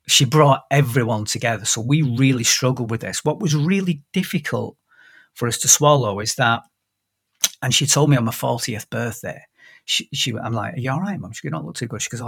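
A man's voice: mid-range voice, breathy edge. A man in his fifties, hosting a podcast in casual conversation and telling stories with lots of restarts. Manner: animated storyteller with frequent restarts. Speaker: podcast host.

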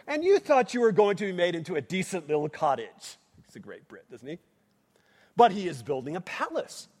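A man preaching a sermon, asking the congregation rhetorical questions as he goes. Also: high voice. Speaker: pastor. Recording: long hall reverb.

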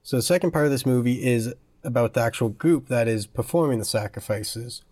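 A young man talks casually as a podcast co-host, walking through his points in order. His voice sits at an ordinary middle pitch and is recorded dry and close. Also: a little fast, darkish tone, no room sound. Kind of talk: casual chat.

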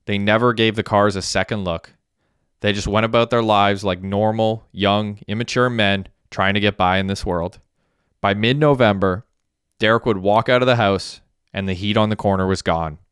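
Smooth low-voiced male narrator. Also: steady tone, moderate pace, a bit bright, no room sound, clean studio sound. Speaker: audiobook narrator. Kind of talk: scripted narration.

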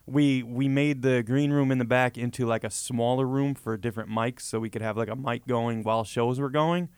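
A man's voice: medium pitch, fairly even intonation, moderate pace, a little mellow, clear, resonant tone, no room sound. A man chatting casually and easily, laughing between phrases. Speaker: guest. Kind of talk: casual chat.

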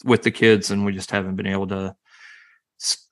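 A man's voice: deep voice, little pitch movement, moderate pace, fairly bright tone. Rambling laid-back male podcast host. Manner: rambling, restarts sentences, laughs often. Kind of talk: casual chat about movies.

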